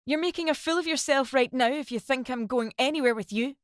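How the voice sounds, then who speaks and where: A woman voicing a young wife who screams at her husband in a shrill, high voice. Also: a little fast, no echo, studio quality, lightly acted. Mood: screaming. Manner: shrill, screeching, high-pitched.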